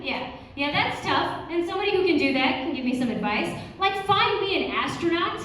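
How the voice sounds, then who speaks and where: Chatty high-voiced woman doing standup. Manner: chatty, peppered with "you know". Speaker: standup comedy student. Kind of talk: standup comedy set. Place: comedy stage. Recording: echoey room from a distant mic with faint noise.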